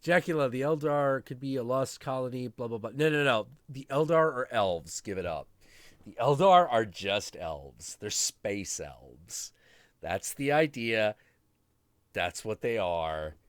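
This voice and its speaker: Guy rambling on his live stream, swears a lot, super lively pitch, dry close sound. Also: no echo. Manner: rambling, profane, quick asides and chuckles. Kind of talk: casual live stream chat.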